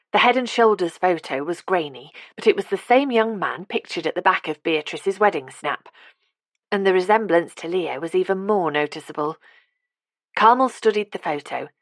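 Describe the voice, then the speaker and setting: A woman narrating an audiobook in a steady, even manner. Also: fairly low pitch, no echo. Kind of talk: scripted narration.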